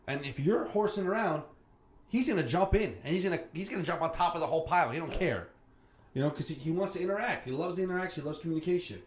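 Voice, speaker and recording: Man, casual podcast host, animated, acts out quotes, roomy sound. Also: fairly high pitch, fast talker. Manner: animated storyteller, swears freely, acts out quoted voices. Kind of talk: casual chat. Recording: roomy sound with faint background noise.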